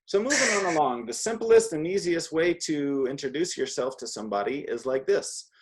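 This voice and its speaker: A man's voice: a little high, expressive, a little fast, background noise. A man teaching a one-on-one beginner Spanish lesson, chatty and patient, modeling words for his student to repeat.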